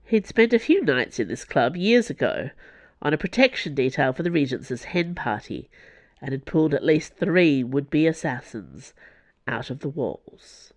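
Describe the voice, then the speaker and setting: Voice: measured pace, no room sound. Dry, close audiobook narrator. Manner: even, close storytelling with quiet, lowered asides.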